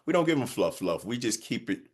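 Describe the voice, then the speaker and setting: A man's voice: medium pitch, sing-song, a little fast, breathy edge. A man hosting a podcast, praising and affirming his guest enthusiastically. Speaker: podcast host. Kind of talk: interview chat.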